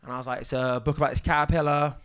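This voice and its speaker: A young man doing a stand-up set on a comedy club stage, halting and deadpan, with many ums and restarts. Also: medium pitch, smooth.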